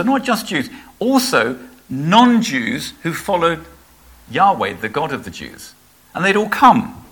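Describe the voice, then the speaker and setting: Guy preaching, bouncy voice all over the place, kinda high, keeps asking questions. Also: bright, forceful tone, breathy edge. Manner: conversational, asks the audience rhetorical questions. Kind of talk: sermon.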